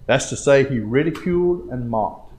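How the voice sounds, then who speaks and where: A man's voice: mid-range voice, expressive, moderate pace, a little mellow, poor audio. A man preaching a live church sermon, folksy and exhorting, building with rhetorical questions. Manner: colloquial country phrasing. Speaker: lay preacher. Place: church sanctuary.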